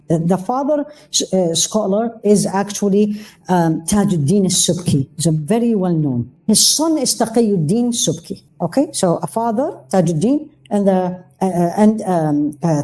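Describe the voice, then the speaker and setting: A woman's voice: lowish voice, dark tone. A middle-aged woman giving a religious lecture, engaging her audience with rhetorical questions and mixing Arabic phrases into her English. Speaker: religious teacher.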